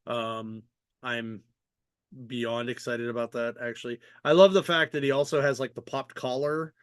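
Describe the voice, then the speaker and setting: In a casual, rambling podcast chat full of fillers and occasional swearing, a man speaks at normal speed with fairly even intonation. His medium-pitched voice is clear and resonant. The studio recording is clean and dry.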